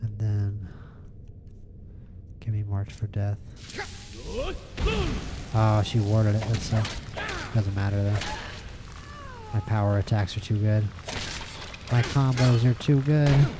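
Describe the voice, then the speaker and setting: A man's voice: on the low side, steady tone, slow pace, pauses often, very noisy. A man giving casual, rambling gameplay commentary as a streamer, playful and prone to repeating words in bursts. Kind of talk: casual let's-play commentary.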